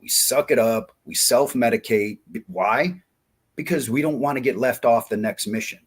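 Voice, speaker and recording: A man in his forties telling war-buddy stories in a folksy, animated way on a casual interview. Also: mid-range voice, moderate pace, breathy edge. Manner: folksy, animated, acts out quoted dialogue. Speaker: podcast guest, diving company founder.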